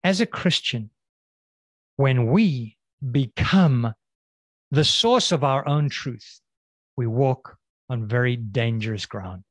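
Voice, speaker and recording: A man preaching a sermon, pressing the listeners with repeated questions and slowing down to stress key words. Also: medium pitch, lively intonation, no room sound, clean studio sound. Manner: questioning, emphatic, slows and drops on key words.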